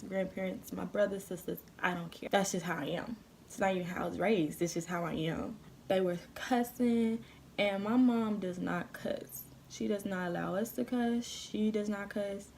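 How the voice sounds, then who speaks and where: Gravelly woman telling a heated story. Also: fairly low pitch, darkish tone, a little hiss or hum. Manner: blunt, heated storytelling with profanity; addresses viewers directly. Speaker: vlogger. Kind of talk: casual storytime vlog.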